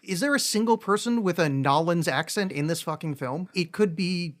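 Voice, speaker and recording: A man's voice: high voice, moderate pace. A man co-hosting a podcast, casually ranting about a film with sarcastic jokes. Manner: sarcastic, joking rants. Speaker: podcast co-host.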